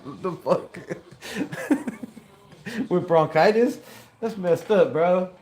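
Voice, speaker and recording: A man streaming a live watch party, calling the game play by play in a loose, casual way. He jumps to loud shouts on big plays and chats, swears and laughs between them. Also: high voice, lively intonation, takes it slowly.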